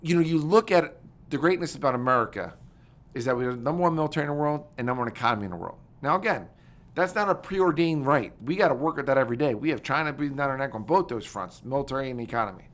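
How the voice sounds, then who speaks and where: A middle-aged man talking at a brisk, rapid clip in a casual interview. He tells energetic stories and acts out the people he quotes. His pitch sits at an ordinary middle level. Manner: energetic, animated storytelling that acts out quoted conversations. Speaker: guest, military veteran and former congressman.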